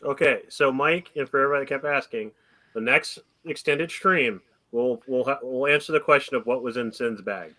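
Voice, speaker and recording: Bright-voiced man co-hosting a stream. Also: mid-range voice, a little fast. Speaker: co-host. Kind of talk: casual chat on a live stream.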